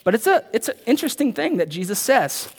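A man preaching a sermon, emphatic, repeating his key points and slowing down to read scripture aloud. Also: high voice, big pitch swings, breathy edge. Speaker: pastor. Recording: long hall reverb.

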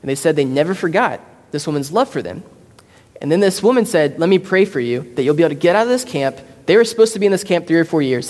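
Pastor guy telling stories in a sermon, kinda high voice, lots of ums, big echoey church. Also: a little mellow. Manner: casual storytelling with many fillers and restarts.

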